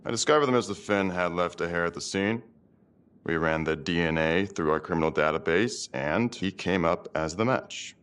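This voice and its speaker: A very deep-voiced forensics officer. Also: male voice, moderate pace, a bit bright, smooth. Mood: dry. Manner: matter-of-fact, formal. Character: dry male forensics officer.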